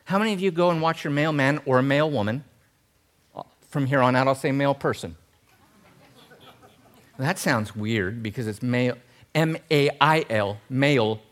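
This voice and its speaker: A man preaching a sermon as pastor, animated and jokey, talking straight to his congregation. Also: medium pitch, moderate pace, pauses often.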